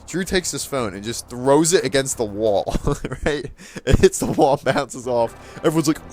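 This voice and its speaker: A man's voice: mid-range voice, lively intonation, moderate pace, soft background music. Chatty teenage guy telling a story. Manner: chatty, laughs often, acts out quotes. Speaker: gaming channel host. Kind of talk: casual storytelling over gameplay.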